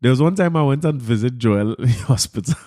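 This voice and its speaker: A man with a Trinidadian accent hosting a podcast, talking through the news in a casual monologue, animated and incredulous, often repeating his words. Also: mid-range voice, brisk, dry recording, clean studio sound. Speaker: podcast host.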